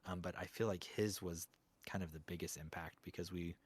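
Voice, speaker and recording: Deep-voiced man talking reflectively. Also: fairly even intonation, fairly quick, breathy edge. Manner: reflective, rambling with fillers. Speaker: guest voice actor. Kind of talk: casual interview chat.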